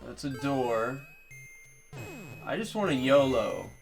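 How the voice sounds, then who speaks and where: A man's voice: mid-range voice, big pitch swings, slow, vocal fry, over music. A man streaming a game and rambling through a long story in casual commentary, trailing off and restarting often. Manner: rambling, digressive, with fillers and trailing off.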